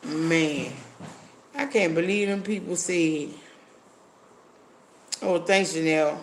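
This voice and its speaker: A man with a high voice talks slowly and bluntly on a livestream, swearing freely and thanking viewers by name. A faint hiss of noise sits under his voice. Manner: blunt, profane, reads viewer comments aloud. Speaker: livestream host. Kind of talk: casual livestream chat.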